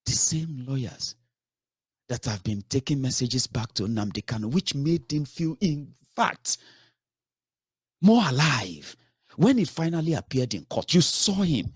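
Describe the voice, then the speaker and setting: A man's voice: medium pitch, sing-song, a little slow, breathy edge, no echo, studio quality. A man giving a heated political commentary, scolding his listeners with rhetorical questions and swearing.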